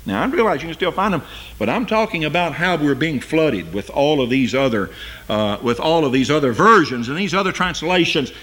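Man preaching a sermon, bright voice, very lively pitch, rising to loud emphatic peaks and falling to quiet asides. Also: fairly quick. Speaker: pastor.

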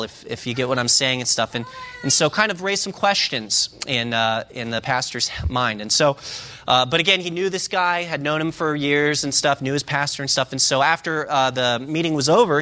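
A man preaching a sermon, telling a story in a halting way, with many filler sounds and restarts. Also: mid-range voice, bright, forceful tone.

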